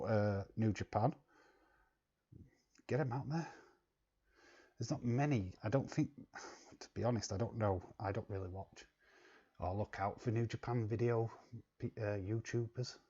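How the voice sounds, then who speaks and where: A man's voice: on the low side, warm tone, slightly rough, lo-fi sound. Laid-back man streaming. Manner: chatty, blunt, laughs often. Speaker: live stream host. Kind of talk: casual chat reading viewer comments.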